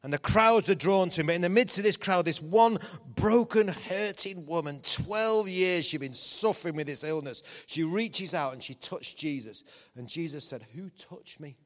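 Excitable preacher in a reverberant hall. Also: male voice, fairly high pitch, normal speed. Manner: lively, jokey, shouts with excitement. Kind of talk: sermon. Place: church hall.

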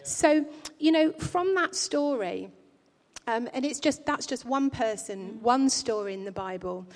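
A woman preaching a sermon in a church, speaking earnestly and gently in a pastoral way, often restarting her phrases. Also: a little high, expressive, a little slow. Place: church hall. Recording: long hall reverb.

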